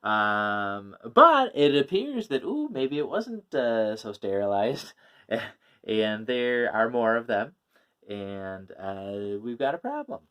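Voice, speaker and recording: A man's voice: medium pitch, very animated, slow, sharp tone, clean tone. Male comic reviewer, casual and rambling, filler-heavy, mid-range voice. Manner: rambling, many fillers and laughs. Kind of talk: casual chat.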